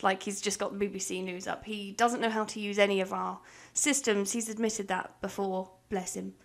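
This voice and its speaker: A woman's voice: medium pitch, steady tone, moderate pace, gravelly. A young English woman chatting casually and rambling as she vlogs over a game build, swearing and laughing now and then. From England. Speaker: gaming vlogger.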